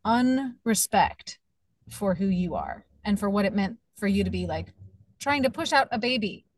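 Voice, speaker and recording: A woman's voice: medium pitch, lively intonation, normal speed, no echo. A woman hosting a podcast, talking emphatically and sympathetically, giving advice straight to listeners. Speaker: podcast host. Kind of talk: casual interview chat.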